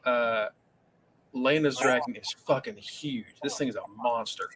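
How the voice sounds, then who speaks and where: A man's voice: medium pitch, moderate pace, a bit bright. A man co-hosts a podcast in a casual, rambling way, circling back on his words. His voice sits mid-range. A faint hiss stays under the recording. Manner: rambling, with fillers and restarts. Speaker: podcast co-host. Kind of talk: casual chat recapping a TV episode.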